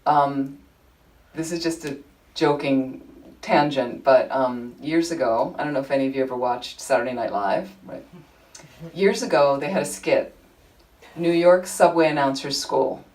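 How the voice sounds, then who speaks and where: A woman leading a Buddhist study group, telling anecdotes in an informal, animated way. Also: a bass voice, measured pace, recorded from a distance, low-quality recording. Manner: chatty, animated storytelling with frequent laughter. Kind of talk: informal teaching talk with anecdotes. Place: group meeting room.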